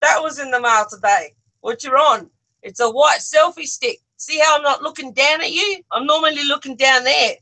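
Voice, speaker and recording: Giggly Australian streamer with gravelly voice. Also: high-pitched, moderate pace, sharp tone, poor audio. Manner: giggly, chatty, talks to the chat. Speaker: livestream co-host. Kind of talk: casual livestream chat. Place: own bedroom. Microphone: phone on a selfie stick.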